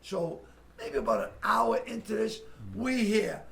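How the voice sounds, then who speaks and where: Gravelly, animated man telling stories. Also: high-pitched, measured pace, reverberant. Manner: animated, profane, laughs through stories. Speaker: comedian. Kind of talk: storytelling with friends.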